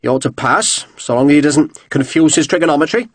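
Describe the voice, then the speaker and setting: A man's voice: fairly high pitch, lively intonation, a little fast, no echo. A man voicing a tall, fair-haired naval captain with a Devonshire accent, friendly and wry.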